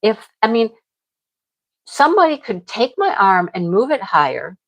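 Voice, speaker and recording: A woman's voice: medium pitch, big pitch swings, normal speed, a bit bright. A middle-aged woman hosting a livestream, chatting casually with viewers and venting frankly, laughing now and then. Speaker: livestream host. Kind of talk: casual chat with live viewers.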